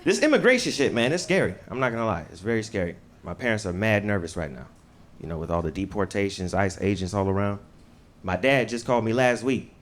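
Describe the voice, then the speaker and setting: A man from the United States performing a stand-up comedy set with punchy, animated delivery and casual swearing. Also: on the low side, fast talker.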